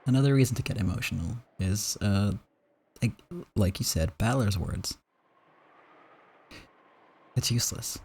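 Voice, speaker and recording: A man's voice: on the low side, normal speed, vocal fry, darkish tone, breathy edge. A man hosting a game playthrough, talking casually in a rambling, stammering, emotional way. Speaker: let's play host.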